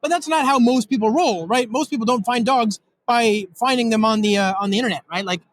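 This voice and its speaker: Brief: high, rapid male tech guest, excitable and rambling. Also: slight background noise, poor audio. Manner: fast, excitable, rambling with many fillers. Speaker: guest developer demonstrating software. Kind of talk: casual technical chat with live demo. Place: recorded in Europe.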